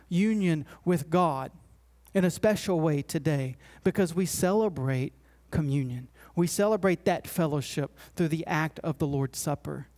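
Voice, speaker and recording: A man preaching a sermon as pastor, slow and deliberate, rising for emphasis and dropping to a hush. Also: fairly high pitch. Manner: preaching with swells and hushes, slow deliberate delivery.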